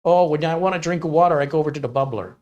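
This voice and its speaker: A man's voice: fairly high pitch, very fast, darkish tone, voice pushed up, close to an everyday voice. A man putting on a chirpy polite Wisconsin local. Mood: folksy. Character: folksy polite Upper Midwest man, cheerful.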